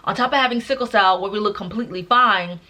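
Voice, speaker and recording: A woman's voice: mid-range voice, fast, pushed and bright. A young woman vlogger telling a personal story in a chatty way, often calling the viewers "y'all" and "you guys". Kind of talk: casual storytelling to camera.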